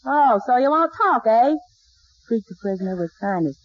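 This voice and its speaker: A woman's voice: sits high, expressive, normal speed, no room sound. A woman playing a scatterbrained, wisecracking country gal in a 1940s radio sitcom, folksy and punning, on a dull old broadcast recording. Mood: zany. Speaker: comedy star of a radio sitcom.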